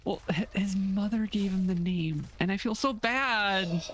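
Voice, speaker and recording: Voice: mid-range voice, measured pace, fairly bright tone. A co-streamer in casual chat during a game stream, teasing a friend and laughing often.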